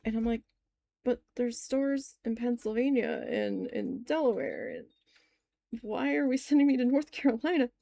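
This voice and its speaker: A woman's voice: a little high, wildly swooping pitch, normal speed, gravelly, mellow. A woman in her forties, chatty and long-winded, telling a story in a casual crafting vlog and swearing when annoyed. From New Jersey. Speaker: crafting vlogger.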